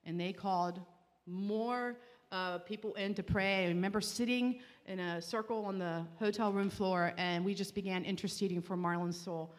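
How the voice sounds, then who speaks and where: A woman telling her personal Christian testimony in an earnest, heartfelt way, with halting restarts. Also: mid-range voice, steady tone. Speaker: speaker giving a Christian testimony. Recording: long reverb, as in a large hall.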